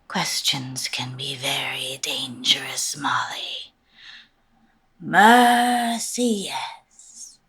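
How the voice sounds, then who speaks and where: A woman plays a feral, unpredictable substitute teacher in an audio horror tale, hissing slow threats in a gravelly, sharp-edged voice that swoops from low murmurs to high snaps. She drags out her words, and music runs beneath her. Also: full character voice. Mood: menacing. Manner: hushed, threatening whispers that flare into sudden shouts. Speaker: voice actor.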